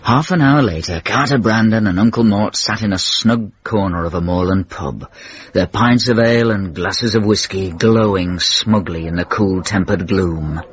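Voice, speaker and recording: A man narrating a radio comedy drama with wry, measured storytelling. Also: fairly low pitch. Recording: dull lo-fi radio broadcast.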